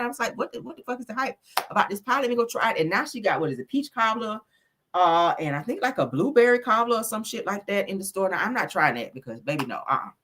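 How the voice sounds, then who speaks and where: A woman hosting a casual gossip livestream, loud and profane, laughing often as she reads viewer comments aloud and reacts to them. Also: fairly low pitch. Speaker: livestream gossip host reading chat. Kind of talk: casual chat.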